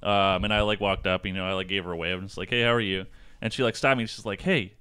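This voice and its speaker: Male co-host, lowish voice, laid-back and profane, dry close sound. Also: fairly even intonation, rapid-fire, bright, forceful tone, smooth, dry recording. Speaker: podcast co-host. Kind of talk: casual comedic chat.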